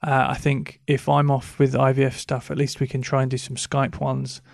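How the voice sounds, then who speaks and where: A man co-hosting a podcast in easygoing, rambling casual chat, often clearing his throat. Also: medium pitch, monotone, moderate pace, dry recording, studio quality. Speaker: podcast co-host.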